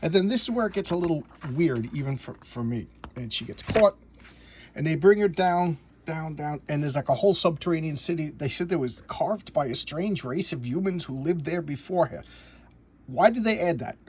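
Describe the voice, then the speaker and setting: A man casually recapping and reviewing a comic book, rambling and halting with frequent restarts and chuckles. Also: on the high side, expressive, darkish tone, breathy edge.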